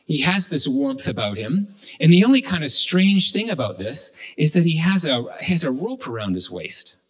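A pastor with a mid-range voice retells a fable while preaching a sermon. He's halting, with many restarts and fillers, and the recording is rough.

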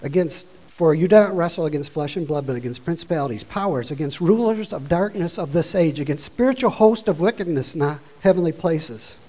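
A man preaching a sermon, informal and conversational, rising from quiet asides to loud exhortation. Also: a little high, lively intonation, brisk, hardly any pauses, low-quality recording.

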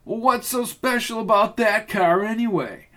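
Male reader as a high-pitched, whiny junkyard guy, defensive. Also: moderate pace, sharp tone. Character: bullied male junkyard worker.

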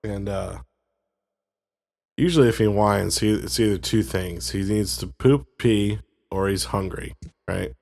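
Gravelly laid-back man telling a story. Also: fairly low pitch, a little slow, darkish tone. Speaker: podcast co-host. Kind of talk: casual chat.

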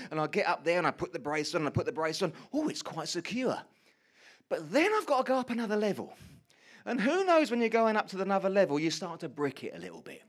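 A man telling a funny personal story in a sermon to a congregation, acting out his own lines loudly. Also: a little high. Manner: animated storyteller, shouts quoted lines. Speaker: pastor. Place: church hall before a congregation.

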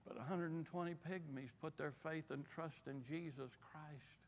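A man preaching a missionary sermon, impassioned and rising to shouts, in a church. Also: a little high, normal speed, slight background noise. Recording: long hall reverb.

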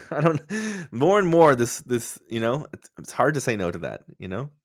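A man co-hosting a casual chat show, playful and quick to laugh. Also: medium pitch, big pitch swings, darkish tone. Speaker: co-host.

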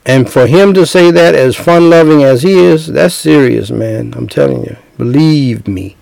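A man's voice: medium pitch, normal speed, gravelly, a little mellow, dry recording, low-quality recording. A man preaching an evangelistic sermon, speaking earnestly and directly to the listener and leading a prayer phrase by phrase.

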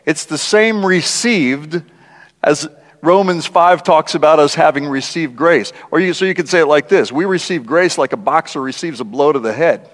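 A man preaching a conversational sermon as a guest speaker, animated and laughing often, acting out the lines he quotes. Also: a little high, moderate pace. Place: large church. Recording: church hall with long reverb.

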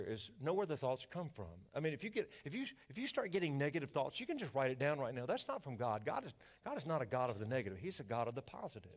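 Man, pastor, church sermon, fairly high pitch, call-and-response delivery. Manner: preachy call-and-response, rising to fervent declarations.

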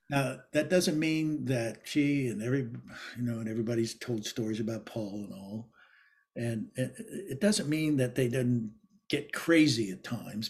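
An older man telling stories about a former teacher, rambling with many restarts and laughs, and sometimes acting out quoted lines loudly. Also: mid-range voice. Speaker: interviewee recalling a former teacher. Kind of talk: anecdotal reminiscence.

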